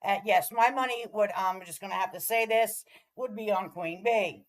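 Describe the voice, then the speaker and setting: A woman's voice: mid-range voice, moderate pace, hardly any pauses, rough recording. A woman hosting a casual reaction stream, talking in a sassy, blunt, profane way. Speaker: commentary streamer host.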